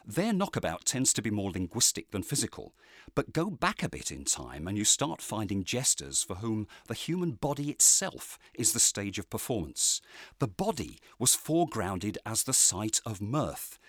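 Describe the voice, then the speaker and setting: A male academic explaining his subject articulately, in a low voice that rises and falls a lot. The recording is close and dry. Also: big pitch swings, a bit bright, dry recording. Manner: articulate, measured. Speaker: academic, interviewee.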